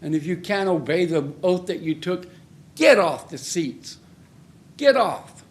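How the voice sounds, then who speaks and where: A man's voice: on the high side, unhurried. A man speaking during public comment at a city council meeting, angry and accusing, repeating himself in short, blunt phrases into a podium microphone. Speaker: member of the public giving comment.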